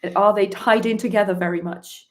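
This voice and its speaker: A woman's voice: mid-range voice, steady tone, fairly quick. A woman hosting a conversation about language teaching, who talks in a chatty way and often chimes in with agreement. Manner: chatty, offers frequent agreement. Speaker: host. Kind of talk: conversational interview.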